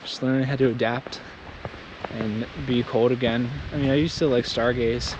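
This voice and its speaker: A man's voice: mid-range voice, level tone. Joking man vlogging in the wind. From Southern United States. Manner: joking, rambling, slow from the cold. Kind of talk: casual vlog talk. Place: windy mountain outdoors. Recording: wind noise outdoors.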